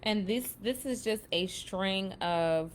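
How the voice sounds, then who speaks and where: A woman talking casually as a spiritual self-help host. She drifts from relaxed chatter into punchy affirmations and calls her listeners "baby" and "y'all.". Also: mid-range voice, slow, a little hiss or hum.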